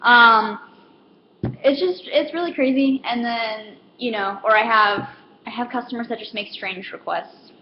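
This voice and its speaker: A woman's voice: on the high side, unhurried. A young woman in a casual comedic monologue, rambling with lots of fillers and acting out customers. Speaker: comedic vlogger. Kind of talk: casual stand-up style monologue. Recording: roomy, dull lo-fi with faint hiss.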